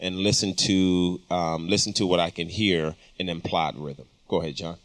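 A man's voice: low-pitched, steady tone, normal speed, fairly bright tone, no echo. A man teaching vocal compression in a recording studio, explaining casually with frequent ums. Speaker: audio engineering instructor. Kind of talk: studio tutorial talk.

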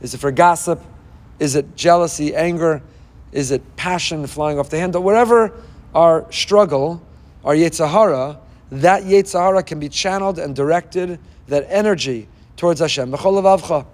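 A man's voice: on the high side, normal speed. A man giving an impassioned sermon as a rabbi, firing off rhetorical questions and weaving in Hebrew phrases. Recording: long hall reverb.

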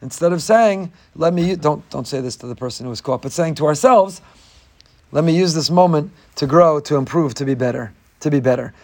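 A man's voice: fairly high pitch, darkish tone. A man giving a Torah lecture, reading Hebrew texts and explaining them in English, his voice rising sharply on rhetorical questions. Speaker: rabbi giving a Torah class.

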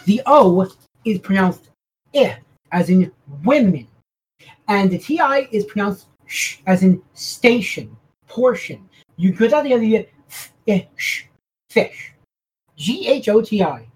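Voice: medium pitch, lively intonation, unhurried, rough recording. Playful podcast co-host explaining trivia. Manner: playful, enthusiastic about word trivia, laughs a lot. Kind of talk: casual podcast chat.

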